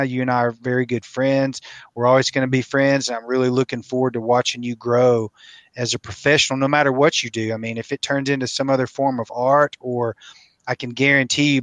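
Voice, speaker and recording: A man hosting a relaxed interview, earnest and encouraging toward his guest. His voice sits at a middling pitch, and the recording is dry and close, with no room sound. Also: no echo. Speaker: podcast host. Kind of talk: casual interview chat.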